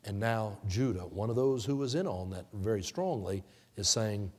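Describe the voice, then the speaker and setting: A man preaching a sermon as pastor, retelling a Bible story with lively storytelling and acted-out character voices. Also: on the low side, normal speed. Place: church sanctuary. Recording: long church-hall reverb.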